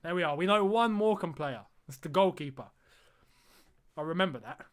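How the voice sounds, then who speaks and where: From his streaming desk, a man whose voice is fairly high for a man calls a live football match for a watch-along. He chats loosely with viewers, excitable and quick to laugh, and yelps whenever something happens on the pitch.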